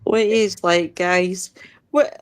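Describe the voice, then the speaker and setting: A woman's voice: lowish voice, steady tone, slow, clean tone. A woman host announcing upcoming shows to listeners, calling them guys, with some ums. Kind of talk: show announcements.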